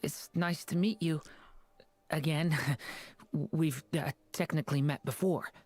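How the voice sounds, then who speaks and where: A man voicing a gentle, polite young man in a video game, earnest and respectful. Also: a little high, steady tone, takes it slowly, faint music behind. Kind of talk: game voice acting.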